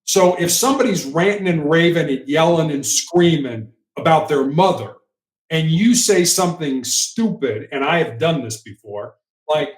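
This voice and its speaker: Earnest high-voiced man in an echoey room. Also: moderate pace. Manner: earnest, animated, repeats words when emphatic. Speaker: former hostage negotiator, guest. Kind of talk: conversational interview.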